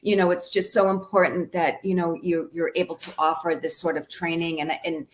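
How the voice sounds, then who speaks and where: A woman's voice: lowish voice, flat delivery, fairly quick, slight background noise. A woman hosting an interview, encouraging her guest and agreeing with her often. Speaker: host. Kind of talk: conversational interview.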